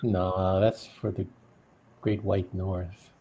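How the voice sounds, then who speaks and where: A man's voice: sits low, level tone, slow, dark tone, a little hiss or hum. A man chatting casually, asking curious questions and joking with his co-hosts. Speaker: livestream co-host. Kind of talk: casual chat.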